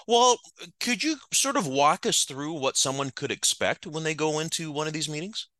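A man's voice: a little high, lively intonation, normal speed, pushed and bright, no room sound. A man hosting a talk show, prompting his guest with affirming questions and some fillers. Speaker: radio show host. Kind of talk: radio talk show interview.

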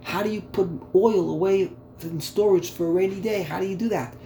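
Man, text study lesson, thinking aloud, repeats himself, warm tone, faint hum behind. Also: high voice, fairly even intonation, brisk. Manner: thinking aloud, repeating words, stopping to puzzle over terms. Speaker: Torah teacher. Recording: echoey room, faint background hum.

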